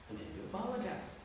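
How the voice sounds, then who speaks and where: A man's voice: high-pitched, heavy background noise. A man giving an informal talk to a group, conversational and teasing, often restarting his sentences and posing questions to listeners. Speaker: teacher addressing a group. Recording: very echoey room, distant mic.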